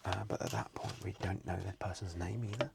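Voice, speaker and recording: A man, softly whispering as he chats casually and rambles during an ASMR video. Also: low-pitched, fast talker, gravelly, heavy background noise. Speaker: card seller and streamer. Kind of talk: soft-spoken ASMR chat. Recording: loud crinkling packaging close to the mic.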